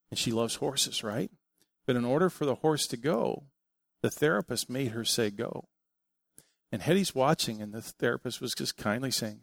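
A middle-aged man preaching a sermon, telling family stories in an animated way and acting out what people said. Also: mid-range voice, creaky, no room sound. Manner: animated storytelling, acting out quotes. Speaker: pastor.

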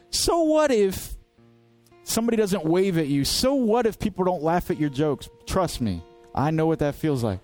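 A man's voice: a little high, a little mellow. A man preaching a sermon as pastor, earnest and direct, driving points home with rhetorical questions.

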